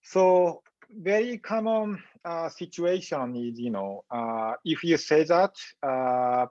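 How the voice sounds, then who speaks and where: A man giving a medical lecture in a webinar, speaking in a halting, measured way with frequent pauses and fillers. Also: on the high side, animated, a little mellow, no room sound, highs cut off. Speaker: physician lecturer.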